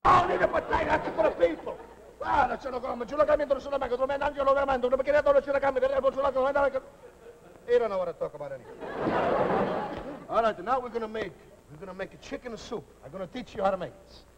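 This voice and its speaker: A boisterous, excitable middle-aged Italian cook, mangling his English and drifting into mock-Italian double-talk in a thick put-on accent. His voice sits high for a man. The sound is a scratchy, hissy early television recording. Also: quick pace. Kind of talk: live TV comedy sketch.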